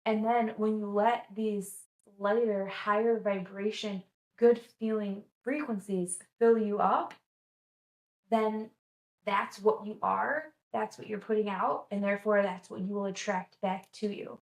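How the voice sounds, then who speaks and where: A woman's voice: mid-range voice, steady tone, measured pace. Chatty woman vlogger in an echoey room. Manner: enthusiastic, chatty, with many "like"s. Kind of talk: casual chat.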